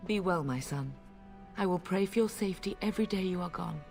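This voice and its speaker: A woman voicing a middle-aged noble mother with a wry, gently sarcastic manner. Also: lowish voice, fairly quick, soft background music, lightly acted.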